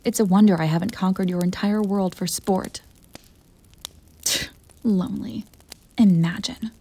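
A woman's voice: mid-range voice, gravelly, dark tone, breathy edge. A woman voicing a proud, bored, centuries-old female succubus in an audio role-play for the listener, haughty and theatrical. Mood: defensive. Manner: haughty and theatrical, defensive when pressed.

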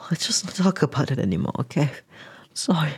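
A man's voice: a little high, sing-song, a little fast, slightly rough, dry recording. A man in an intimate whispered role-play, speaking hesitantly to the listener and often dropping to a whisper.

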